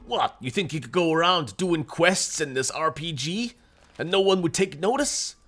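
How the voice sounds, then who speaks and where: A man voicing a mocking male wasteland raider thug with loud, sneering taunts. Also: on the high side, animated, normal speed, soft background music, pitched above the performer's own voice.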